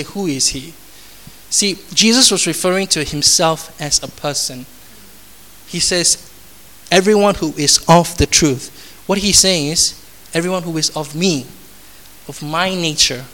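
Man, pastor, sermon, emphatic, repeats phrases, asks rhetorical questions, fairly high pitch. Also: fairly bright tone.

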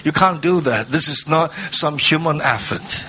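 A man preaching a sermon, reading scripture aloud and stressing words through slow repetition. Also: fairly high pitch, pushed and bright, slight background noise. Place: church hall, seated at a low table.

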